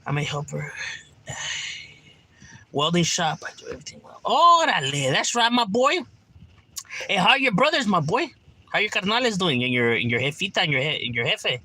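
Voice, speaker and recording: A man's voice: high voice, very animated, moderate pace, pauses often, pushed and bright. A man, chatting casually and profanely on a livestream from home, peppering his talk with "right?". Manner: laid-back, slangy, profane, keeps asking "right?". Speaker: livestreamer reading chat.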